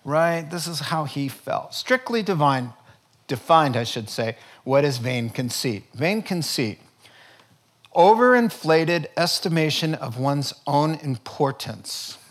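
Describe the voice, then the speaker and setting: A slightly high-voiced man preaches with lively energy. He shifts quickly between earnest points and joking asides, and his delivery stays animated throughout. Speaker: pastor. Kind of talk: sermon.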